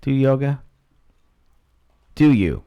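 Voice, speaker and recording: A man co-hosting a casual talk show who teases his partner with wry questions and quick interjections. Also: medium pitch, very animated, clean tone, highs cut off. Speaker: co-host.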